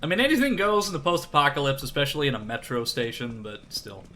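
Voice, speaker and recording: Animated male streamer. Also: mid-range voice, fast talker. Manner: chatty, animated, breaks into cheesy radio ad voice. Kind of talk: let's play commentary. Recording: streamed with game music behind.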